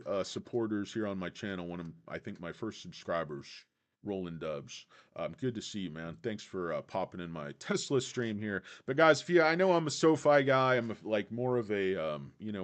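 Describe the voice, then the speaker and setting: Rambling, foul-mouthed male streamer. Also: mid-range voice. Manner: rambling, profane, digressive. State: tired. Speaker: livestream host. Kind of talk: casual livestream chat.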